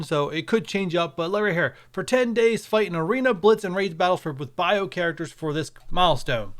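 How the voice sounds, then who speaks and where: His voice sits high as he chats with his audience, a mobile game video creator running through updates on screen capture and speculating freely along the way.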